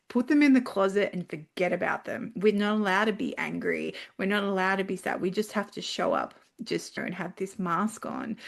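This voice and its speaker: A middle-aged woman talking expressively as a guest on a panel discussion, animated and emotional. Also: medium pitch. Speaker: guest speaker.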